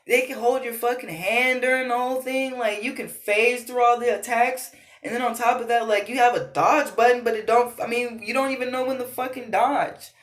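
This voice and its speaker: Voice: medium pitch, fairly bright tone. Exasperated, swearing gamer rant in an echoey room. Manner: exasperated, profane, rambling. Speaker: gaming vlogger. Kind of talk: casual rant. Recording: roomy echo.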